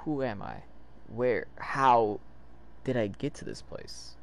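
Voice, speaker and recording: A man reading aloud the lines of a solemn male thunder god who is losing his memory, in a slow, grave voice. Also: mid-range voice, huge pitch swings, creaky, full character voice. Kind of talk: comic read aloud.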